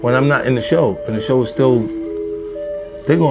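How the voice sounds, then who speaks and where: Animated comedian man recounting stories. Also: medium pitch, brisk. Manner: animated, mimics voices. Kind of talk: storytelling interview talk. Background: music.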